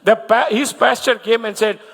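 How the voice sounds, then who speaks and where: High-voiced animated male preacher. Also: moderate pace, vocal fry. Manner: animated storytelling, leads the congregation in confession. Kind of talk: sermon. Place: church. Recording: long hall reverb, faint music.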